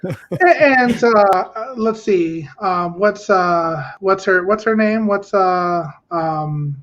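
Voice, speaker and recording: A man's voice: high-pitched, extremely slow, fairly bright tone. A man co-hosting a casual chat show who hesitates and searches for his words. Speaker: co-host. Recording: dull lo-fi.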